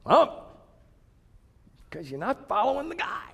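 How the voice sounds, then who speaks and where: A man preaching a sermon in a blunt, emphatic way, swinging between loud bursts and quiet asides. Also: medium pitch, animated, normal speed, long reverb tail. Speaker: pastor.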